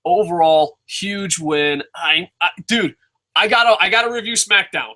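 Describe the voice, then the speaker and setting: A young man with a slightly high, bright and forceful voice tears through a wrestling review in a loose, rambling rant. He swears constantly, jumps between tangents and mocks himself as he goes. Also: measured pace. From New Jersey. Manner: excitable, rambling, heavy swearing, self-mocking. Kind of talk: casual profane review rant.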